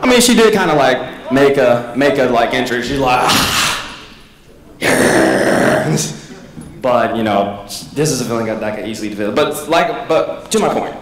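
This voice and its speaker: A man's voice: medium pitch, expressive, brisk. A man doing a casual stand-up comedy set at a convention, rambling and acting out quotes. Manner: rambling, restarts, acts out quotes. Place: convention hall. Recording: echoey hall, mic at a distance.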